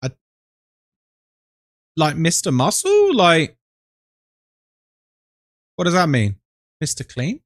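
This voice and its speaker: A man's voice: fairly high pitch, huge pitch swings, slow, long pauses, no echo, clean studio sound. A man hosting a live stream, greeting his viewers by name in a chatty, playful, affectionate way.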